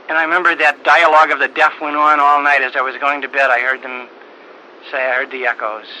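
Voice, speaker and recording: An older man, a priest, telling a personal story in a halting, earnest way with frequent repeated words. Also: mid-range voice, flat delivery, pushed and bright, poor audio. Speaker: priest giving a talk. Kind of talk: storytelling talk. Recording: old tape recording with faint hiss.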